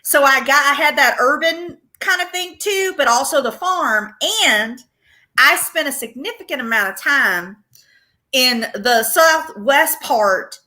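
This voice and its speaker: A woman from Virginia with a Virginian accent, telling stories in an animated, laughing way in a casual chat. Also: sits high, measured pace. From Virginia, United States.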